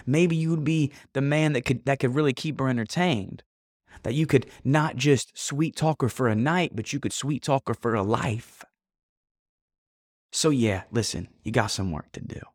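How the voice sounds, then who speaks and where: A man's voice: mid-range voice, normal speed, no room sound, clean studio sound. A man delivering a blunt, profane motivational monologue, addressing the listener directly and emphatically. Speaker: motivational speaker.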